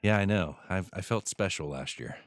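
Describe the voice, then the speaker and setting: A man's voice: low-pitched, moderate pace, no echo, studio quality. A man hosting a casual podcast chat, asking random questions and laughing often. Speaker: podcast host.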